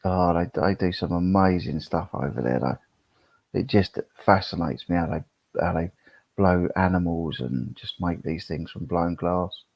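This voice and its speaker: Unhurried and taking long pauses, a middle-aged man chats on a live stream, rambling and reading chat comments out loud. His voice is low-pitched, husky and gravelly. The recording sounds dull and lo-fi, without echo.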